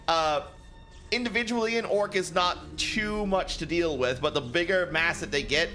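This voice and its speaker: Bright-voiced, rambling, profane male streamer. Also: high-pitched, measured pace, soft background music. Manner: rambling, profane, laughs often. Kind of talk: casual gaming stream chat. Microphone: headset.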